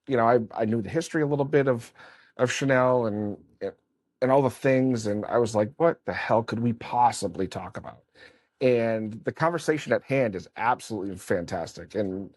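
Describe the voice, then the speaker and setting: A man's voice: mid-range voice, a little mellow, no room sound. A man in his late thirties hosting a podcast, talking loosely with lots of fillers and casual swearing. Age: late 30s. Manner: loose, rambling, with many fillers and mild swearing. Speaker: podcast host. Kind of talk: casual interview chat.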